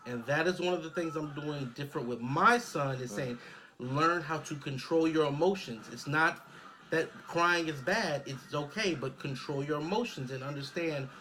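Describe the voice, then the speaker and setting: This is a man in his thirties on a casual podcast, with a bright, forward voice that sits a little high for a man. He talks earnestly and reflectively, and he keeps checking in with his listener with "right?". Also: animated, normal speed. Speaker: podcast co-host.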